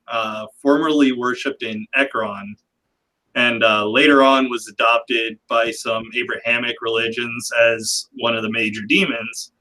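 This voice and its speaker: A man's voice: mid-range voice, pushed and bright, poor audio. A man hosting a livestream panel in casual chat, talking loosely and rambling with a self-deprecating humor. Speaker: livestream host.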